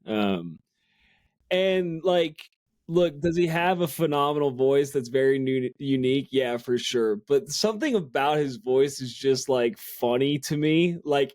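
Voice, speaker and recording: A man's voice: mid-range voice, a little mellow, dry recording. Chatty podcast man, dry close sound. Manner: chatty, lots of fillers and self-corrections. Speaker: podcast co-host. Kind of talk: casual music review chat.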